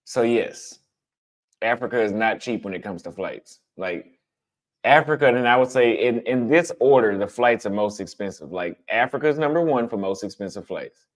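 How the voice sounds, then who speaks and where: A blunt, conversational man talking casually to his viewers. His voice sits a little low, and he leans on repetition to drive his points home. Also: expressive, normal speed. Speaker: travel vlogger answering chat. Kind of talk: casual livestream chat.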